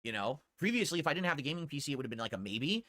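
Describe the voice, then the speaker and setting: A man's voice: a little high, very animated, very fast, a bit bright, dry recording. A man streaming live, chatting casually and answering viewer tips in a rambling way that repeats itself. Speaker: livestreamer.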